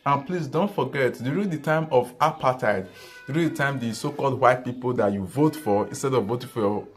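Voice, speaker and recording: A man's voice: mid-range voice, a little fast. A man giving an earnest, repetitive political commentary monologue, often restarting his sentences. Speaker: vlogger.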